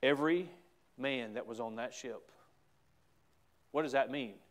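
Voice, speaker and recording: A middle-aged man with a Southern US accent, preaching a sermon as pastor, swinging from hushed asides to loud, emphatic exclamations. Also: medium pitch, a little slow.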